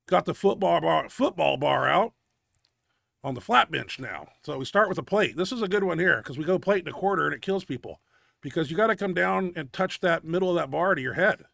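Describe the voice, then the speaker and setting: A winded middle-aged man with a gravelly, fry-laden voice, talking through gym clips in blunt, cursing commentary. His voice sits a little high for a man and sounds close and dry, with no room around it. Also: animated, a little fast, fairly bright tone, dry recording. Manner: blunt, profane gym talk. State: winded and out of breath. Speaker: host of a powerlifting video show. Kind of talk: casual commentary over lifting videos.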